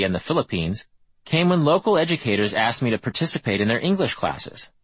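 A man narrating a nonfiction audiobook in a measured, wry first-person reading style. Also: mid-range voice, a bit bright, slightly rough, no echo, poor audio.

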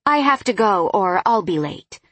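Terse reserved young woman analyst, short plain answers, husky, dry, read by a woman. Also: mid-range voice, animated, moderate pace, fairly bright tone, no echo.

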